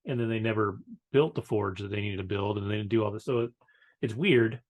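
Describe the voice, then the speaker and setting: A man's voice: lowish voice, brisk. A man co-hosting a podcast in casual chat, hesitant with many fillers. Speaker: podcast co-host.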